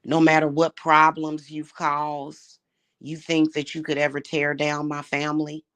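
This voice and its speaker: A woman speaks in a furious, confrontational vlog rant, swearing freely and mocking the person she addresses. Her voice is bright and forceful, pushing hard on every accusation. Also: sits low, monotone, measured pace. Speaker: vlogger. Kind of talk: angry monologue vlog.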